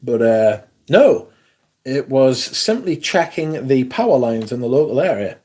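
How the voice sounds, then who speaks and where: A man's voice: mid-range voice, sing-song, a little slow, darkish tone. A man hosting a livestream, chatting casually in a sweary, rambling way. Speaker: fragrance livestream host.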